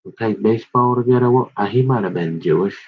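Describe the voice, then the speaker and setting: A middle-aged man with a husky, somewhat low voice rambles through memories from his school days, acting out the people he quotes. The recording sounds dull and lo-fi. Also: fast talker. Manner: rambling, quoting others in animated voices. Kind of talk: casual storytelling about high school memories.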